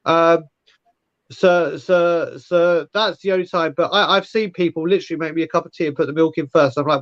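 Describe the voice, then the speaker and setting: A man's voice: a little high, normal speed, no room sound, lo-fi sound. A man hosting a casual chat who rambles, restarts his sentences and repeats words. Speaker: podcast host.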